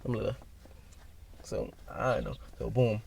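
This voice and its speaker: A young man telling a rambling, animated story in casual podcast chat, acting out other people's voices as he goes. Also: on the low side, normal speed, creaky. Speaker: podcast guest. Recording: distant mic with faint noise.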